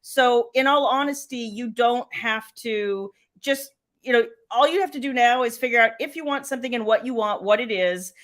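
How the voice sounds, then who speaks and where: Middle-aged woman, livestream host, casual and chatty, slightly high voice. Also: normal speed, a bit bright. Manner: chatty, laughs often, greets viewers by name. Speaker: author and live show host.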